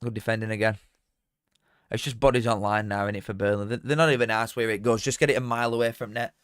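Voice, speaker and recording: A man's voice: lowish voice, steady tone, quick pace, clean tone, dry recording, studio quality. A young man, casually commentating on a live match and bantering with chat. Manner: banter with chat, swings from mutters to shouts. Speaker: watchalong streamer.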